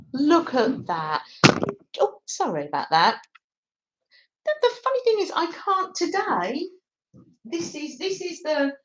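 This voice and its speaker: Lively, slow-talking chatty woman crafter. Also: fairly high pitch. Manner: rambling, self-mocking, laughs often, coos at her dog. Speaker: craft livestream host. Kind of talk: chatty live craft stream. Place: home craft room with door open. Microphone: streaming camera on the table. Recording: roomy, slightly dull home stream.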